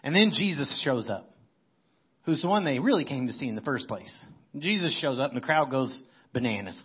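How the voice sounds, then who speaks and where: A man's voice: mid-range voice, lively intonation, fairly quick, slightly rough, highs cut off. A man preaching a sermon in a conversational way, as if thinking aloud. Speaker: pastor.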